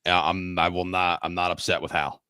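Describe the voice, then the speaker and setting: A young man ranting as a fan caller on a live stream, stammering and building to shouts into his own mic. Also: deep voice, flat delivery, a little fast, clear, resonant tone, no echo. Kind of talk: emotional sports fan rant. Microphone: own mic on a remote call.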